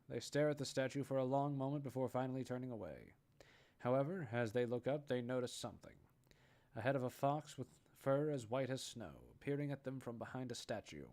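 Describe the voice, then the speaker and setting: A man's voice: mid-range voice, darkish tone. A man narrating audition scripts aloud, reading steadily and correcting small slips as he goes. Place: online voice chat.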